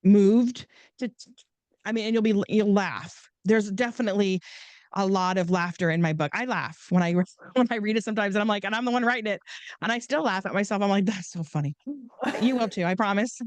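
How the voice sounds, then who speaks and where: Brisk and mid-range, a woman author chats on a podcast as a guest, telling rambling stories with frequent laughter and restarted sentences. The recording has no echo.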